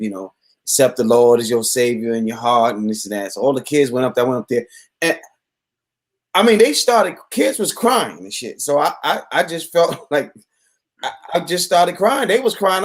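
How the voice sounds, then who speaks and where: A man, a poet guest, telling a story in casual conversation, laughing and animated. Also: medium pitch.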